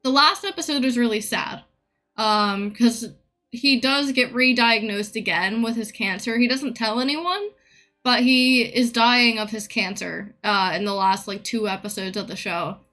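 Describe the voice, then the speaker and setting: A woman's voice: fairly high pitch, measured pace, sharp tone, faint music behind. A woman streamer in a casual live-stream rant, blunt, profane and opinionated.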